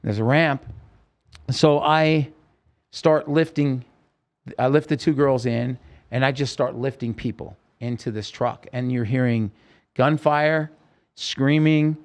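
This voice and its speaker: A man's voice: medium pitch, steady tone, takes it slowly. A man telling his own story in an interview, in an urgent, vivid way, acting out what people said, with frequent restarts. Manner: vivid, urgent retelling with quoted speech and restarts. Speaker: podcast host telling his story as a guest.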